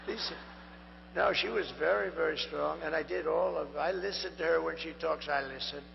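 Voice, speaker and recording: A man's voice: fairly high pitch, steady tone, moderate pace, creaky. A man in his seventies giving a rambling, repetitive campaign rally speech, his voice strained and tiring. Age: 70s. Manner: rambling, repetitive, boastful asides. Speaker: political candidate. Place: large rally venue. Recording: dull echoing hall feed with hum.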